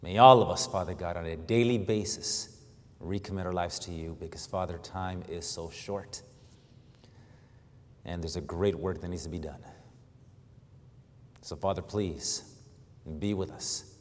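A man from Cuba preaching a sermon, stammering through restarts and self-deprecating humor, then reading scripture loudly and emphatically. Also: sits low, unhurried, long pauses, slight background noise. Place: church sanctuary. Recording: long hall reverb.

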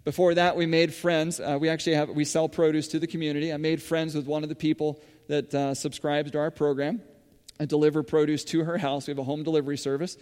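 A man's voice: a little high, flat delivery, quick pace, a little mellow, smooth. A man giving a conversational sermon, telling stories full of fillers and restarts in a church hall. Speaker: church speaker running a school farm. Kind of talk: sermon-style storytelling. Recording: long hall reverb.

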